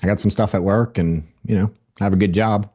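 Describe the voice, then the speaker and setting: A man's voice: lowish voice, steady tone, a little fast, dark tone, husky. A man role-playing a disinterested male sales prospect who brushes off a caller in an offhand, mumbling way. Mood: dismissive.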